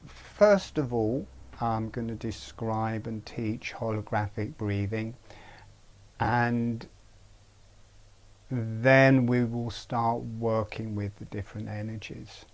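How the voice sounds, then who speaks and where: A man teaching a breathing practice in an online webinar, speaking gently and haltingly, with frequent pauses. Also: lowish voice. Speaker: meditation teacher.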